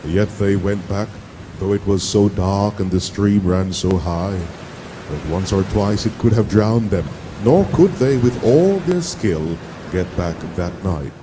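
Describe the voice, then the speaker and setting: A man narrating a play as a storyteller, steady with occasional fillers. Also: fairly low pitch, a little slow, long reverb tail, background noise.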